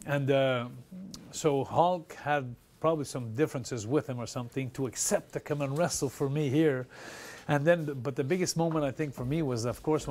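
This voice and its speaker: A Canadian man, a retired pro wrestler, telling stories in an animated interview and acting out the people he quotes. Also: medium pitch. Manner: excited, laughing storyteller who acts out quotes.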